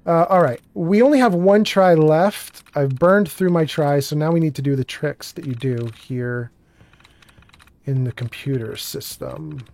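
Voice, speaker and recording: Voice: mid-range voice, measured pace, darkish tone. A streamer talking through a game and rambling into a self-deprecating story, full of fillers. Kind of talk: gameplay commentary and storytelling.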